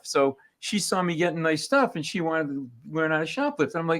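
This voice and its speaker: A man's voice: a little fast, few pauses. A man, a comedian, telling stories on a radio show and acting out the people in them. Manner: animated storyteller, acts out quoted people in rising pitch. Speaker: comedian guest.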